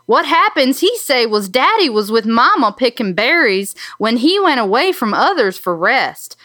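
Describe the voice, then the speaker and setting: A woman reading aloud as a rough-spoken backwoods woman in a put-on Southern accent, with broken, crude grammar. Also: a little high, big pitch swings, normal speed, sharp tone, no room sound, clean studio sound. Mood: aggrieved. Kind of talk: reading a letter aloud in character.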